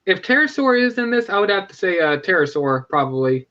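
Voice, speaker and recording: A man hosting a casual live stream, talking with rambling enthusiasm and frequent self-corrections. His voice sits high and bright. The sound is a little dull and lo-fi. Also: big pitch swings, brisk. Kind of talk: casual fan chat.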